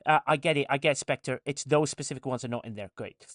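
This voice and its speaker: A man's voice: medium pitch, fast, hardly any pauses, fairly bright tone, no room sound, studio quality. A man hosting a casual live stream, reading viewer chat comments aloud and answering them with frequent restarts.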